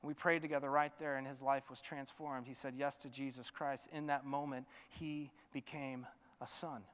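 A man preaching a sermon as pastor, swinging from loud urging to a soft hush. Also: mid-range voice, little pitch movement, normal speed, big-room sound. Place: church sanctuary.

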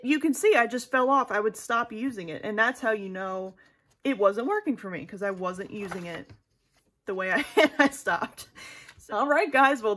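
A woman's voice: medium pitch, bright, forceful tone. Young female vlogger, casual, self-deprecating, talks to camera. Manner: chatty, rambling, self-deprecating. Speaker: planner vlogger. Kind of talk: casual vlog chat.

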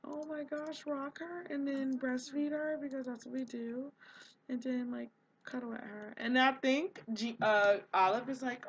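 Excitable woman gushing over gameplay. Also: high-pitched, unhurried, lo-fi sound, slight background noise. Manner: excitable, gushing, voices sim characters in quotes. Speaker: let's play host. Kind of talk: casual gameplay commentary.

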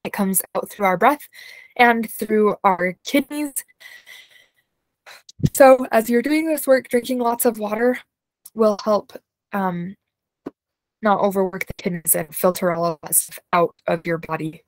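A woman leading an unscripted guided imagery session, speaking slowly and soothingly, with soft laughs and sighs. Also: medium pitch, no room sound, poor audio. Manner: slow, soothing guidance with soft laughs and yawns.

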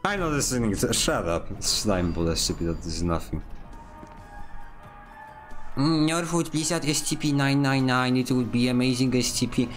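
A man's voice: medium pitch, expressive, moderate pace, soft background music. A man streaming a video game, chatting casually with playful, mock-dramatic complaints and outbursts. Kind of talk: casual gaming commentary.

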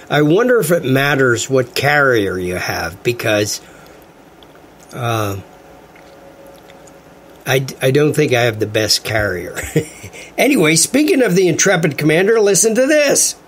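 A man's voice: medium pitch, slight background noise. A man hosting a talk radio show, ranting in an indignant, rambling way.

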